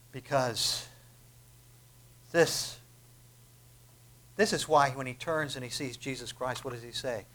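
A man preaching a sermon, emphatic and full of rhetorical questions, dropping to a hush and then building to loud, drawn-out declarations. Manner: emphatic, swings from hushed to booming, rhetorical questions.

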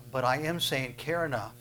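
A man with a slightly high voice preaches a sermon over poor audio with a faint hiss or hum. He is emphatic, punching out commands in loud bursts and often repeating words as he begins a thought.

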